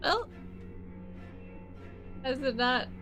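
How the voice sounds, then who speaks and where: Woman streamer, playful and jokey, unhurried, fairly high voice, game music underneath. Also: sing-song. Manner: playful, jokey, sounds out foreign words in mock accents. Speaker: let's play host. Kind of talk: casual game commentary.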